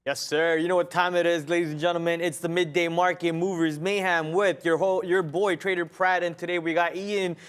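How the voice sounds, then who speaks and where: A man's voice: on the high side, level tone, a little fast, few pauses, a bit bright, clean tone. A man co-hosting a live day-trading stream, talking in a hyped, slangy, playful way. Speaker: co-host of live trading show. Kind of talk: casual live market commentary.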